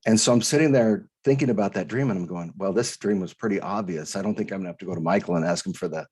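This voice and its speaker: A man from Idaho recounts a personal experience as an interview guest, his voice low-set and somewhat husky. He talks earnestly and haltingly, restarting phrases and acting out the voices he heard. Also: a little mellow. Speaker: guest, author. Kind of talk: storytelling interview.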